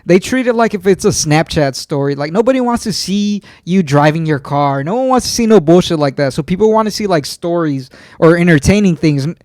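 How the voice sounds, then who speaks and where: A man's voice: sits high, expressive, a little fast, hardly any pauses, darkish tone, dry recording. A man in his twenties chats on a podcast with a slightly raised voice. He swears freely and tells stories loosely. The sound is dry and close. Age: 20s. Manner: loose, profane storytelling. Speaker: podcast co-host. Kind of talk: casual chat.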